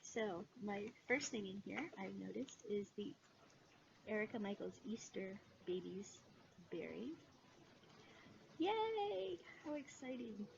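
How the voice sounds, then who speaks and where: A woman chatting casually in a haul video, gushing with excitement and filling pauses with "um". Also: medium pitch, creaky. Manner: excitable, gushing, many fillers. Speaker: cross-stitch vlogger. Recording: dull lo-fi sound with background noise.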